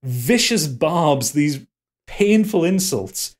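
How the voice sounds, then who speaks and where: A man's voice: fairly high pitch, expressive, takes it slowly. A man with a Geordie accent hosting a podcast in casual chat, rambling with fillers and restarts. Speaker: podcast host.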